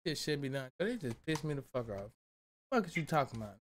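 A man's voice: mid-range voice, big pitch swings, brisk, a little hiss or hum. A young man, casually reacting to videos as a streamer, rambling and cursing defensively.

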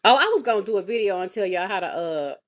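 A woman vlogging as a mother, telling a comedic, exasperated story with sassy, animated delivery and big swings in pitch. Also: quick pace. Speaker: mother of a kindergartner. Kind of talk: comedic storytelling vlog rant. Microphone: phone or webcam vlog.

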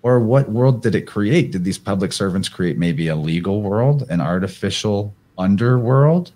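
Male presenter, low voice, casual talk, reads from slides between asides. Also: expressive, moderate pace, dark tone. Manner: rambling, thinks aloud with fillers; reads passages aloud from slides. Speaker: podcast guest presenter.

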